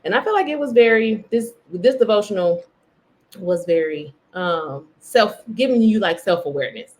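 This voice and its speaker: A woman's voice: mid-range voice, lively intonation, moderate pace, darkish tone. A woman hosting a faith podcast, chatting casually and self-mockingly while reading from a devotional. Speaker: podcast host.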